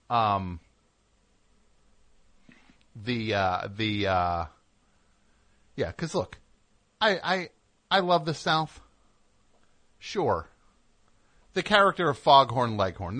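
A man's voice: fairly low pitch, lively intonation, slow, long pauses, bright, forceful tone. A middle-aged man hosting a comedic call-in radio show, teasing his caller with rambling, joking tangents.

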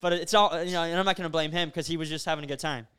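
A young male podcast host with a high, smooth and resonant voice. He tells a story in relaxed, animated chat and leans on casual fillers. His delivery is loose and conversational. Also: very fast. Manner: animated, filler-heavy storytelling with frequent "bro" and "like".

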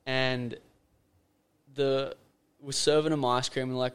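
An Australian man in his young adult years tells a story as a podcast guest. He talks in an animated, slangy way, scattering fillers through his speech. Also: medium pitch, slow, clear, resonant tone. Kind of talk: casual storytelling chat.

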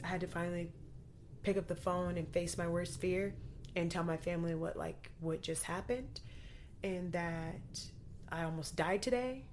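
Telling a frightening story from her own life, a female guest speaks urgently and vividly, using lots of fillers. She has a lowish voice with a darkish tone, and there is slight background noise.

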